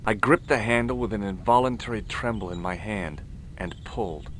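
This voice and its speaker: A man voicing a wry, deadpan detective. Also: on the low side, normal speed, slight background noise, close to an everyday voice. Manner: sardonic, deadpan wisecracks. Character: wry adult male detective, dry humor. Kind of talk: game narration and dialogue. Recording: game audio with faint music.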